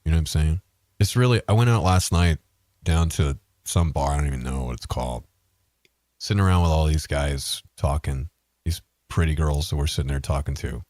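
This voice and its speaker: A man, co-hosting a podcast in casual chat, blunt and profane with animated storytelling. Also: extremely low pitch, fairly quick, no room sound, studio quality. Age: 40s. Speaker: podcast co-host.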